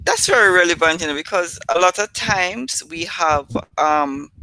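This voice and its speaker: A woman's voice: fairly low pitch, lively intonation, normal speed, pushed and bright, poor audio. A middle-aged woman with a Jamaican accent hosting a live stream, chatty and laughing at her own stories. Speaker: host. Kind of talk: casual live-stream storytelling.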